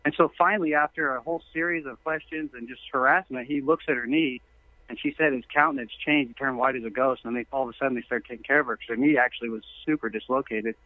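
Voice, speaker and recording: A man's voice: medium pitch, fast, no echo. Male caller on a tinny phone line. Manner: earnest, long-winded storytelling. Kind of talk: phone-in conversation. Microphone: telephone.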